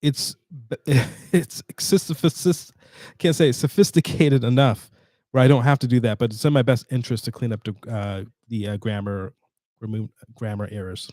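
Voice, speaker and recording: A man hosting a casual screen-share tutorial, chatty and halting with fillers and restarts, sounding tired. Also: medium pitch, darkish tone, dry recording, clean studio sound. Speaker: tutorial host.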